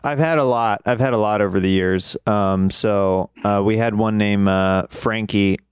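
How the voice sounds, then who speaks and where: A man's voice: lowish voice, steady tone, moderate pace, clear, resonant tone, no room sound. Man with a dry, close voice. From Kansas. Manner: laughing, rambling storyteller with many fillers. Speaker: podcast host. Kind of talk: casual chat over video call. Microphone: video call.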